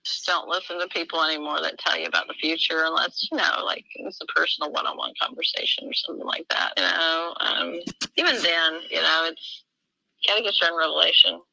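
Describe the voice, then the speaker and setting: Fervent gravelly middle-aged woman. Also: low voice, steady tone, brisk, bright, forceful tone, dry recording, poor audio. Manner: fervent, quotes dialogue in a swinging voice. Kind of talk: emotional personal conversation.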